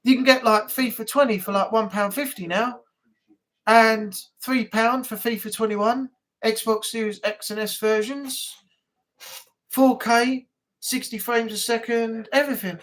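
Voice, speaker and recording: A man's voice: very high-pitched, steady tone, unhurried, a bit bright. Chatty British man on a live stream. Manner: chatty, rambling, playfully tries silly accents. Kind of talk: casual chat to viewers.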